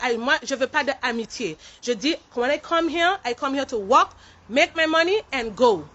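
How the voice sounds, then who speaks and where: A woman warehouse worker delivers an impassioned protest speech to camera, indignant and emphatic, switching into French partway through her English sentences. Her voice sits high and animated at a normal pace, with a fairly bright tone on a lo-fi recording.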